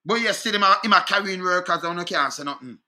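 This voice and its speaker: A man's voice: high-pitched, fast talker, bright, forceful tone. A Jamaican man giving an indignant political rant, often stopping to ask "Eh?". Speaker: online commentator.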